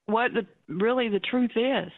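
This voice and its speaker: A woman's voice: a little high, unhurried. Woman caller, hesitant and polite, tinny phone line. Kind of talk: phone-in question.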